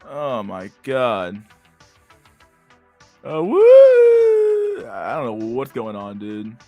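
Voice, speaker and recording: A man's voice: fairly low pitch, slow, highs cut off, soft background music. Sarcastic young man ranting. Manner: incredulous, sarcastic, profane, says dude a lot. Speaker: stream host reacting to videos. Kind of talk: casual profane reaction commentary.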